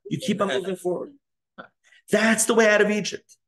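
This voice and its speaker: A man's voice: high voice, steady tone, moderate pace, fairly bright tone. A man, a rabbi, giving a live Torah class and acting out inner dialogues in shifting voices.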